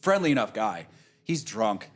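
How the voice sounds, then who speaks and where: His lowish voice moves at a measured pace as he tells a long golf story in a casual way. He swears freely, stays animated, and acts out what everyone said.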